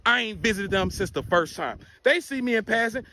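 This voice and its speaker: A man telling a profane, animated personal story in casual storytime style. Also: high voice, fairly quick, a little hiss or hum.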